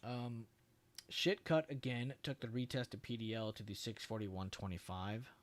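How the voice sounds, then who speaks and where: Low-voiced man on a live stream. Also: normal speed. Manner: relaxed, chatty, swears and laughs, answers viewers. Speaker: trading stream host. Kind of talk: casual live-stream chart commentary.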